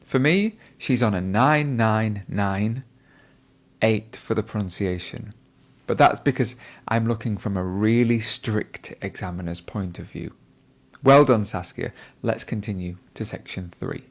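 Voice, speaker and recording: Male IELTS tutor, lower voice, measured and evaluative, commentary on a candidate. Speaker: IELTS speaking teacher. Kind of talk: explaining test feedback.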